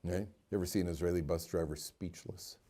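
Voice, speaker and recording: Speaking in a low-pitched, dark voice with fairly even intonation, this rabbi moves at a fairly quick clip. His Torah class for yeshiva students is informal, full of stories, rhetorical questions and on-the-fly translations of Hebrew terms.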